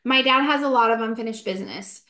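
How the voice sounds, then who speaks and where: A woman's voice: on the high side, quick pace, bright, forceful tone. A woman co-hosting a podcast, talking earnestly and matter-of-factly in casual chat. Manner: earnest, matter-of-fact about spirits. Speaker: podcast co-host. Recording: roomy.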